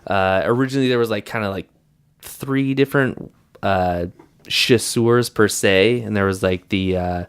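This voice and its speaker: A man's voice: lowish voice, normal speed, clear, resonant tone. A man co-hosting a podcast, chatting casually and rambling with fillers and laughs. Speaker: podcast co-host. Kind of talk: casual chat.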